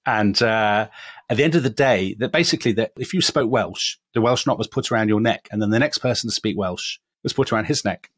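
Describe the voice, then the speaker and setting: A man with an English accent narrates history in a relaxed podcast chat. His voice sits low and sounds dry and close, with no room around it. He drifts into self-deprecating asides and loose phrasing. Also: a little fast, no echo. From England. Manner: chatty, self-deprecating asides, frequent "kind of" and "sort of". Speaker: podcast co-host. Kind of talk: casual history podcast storytelling.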